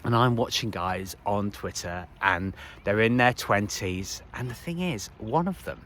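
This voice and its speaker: A man's voice: lowish voice, unhurried, a bit bright, slight background noise. A man in his forties talking as a life coach in a casual motivational monologue, rambling with frequent restarts and laughs. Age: 40s.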